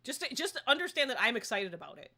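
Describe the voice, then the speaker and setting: Young woman streaming a game, kinda high voice, chatty and excitable, squeals sometimes, clear hiss behind her. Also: fast talker. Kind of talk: casual live-stream chatter.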